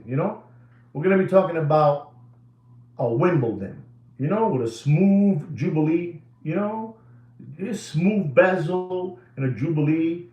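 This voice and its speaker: A watch market commentator gives animated price commentary in an echoey room, emphatic and repetitive and mixing in Spanish phrases. He has a high, slightly mellow voice.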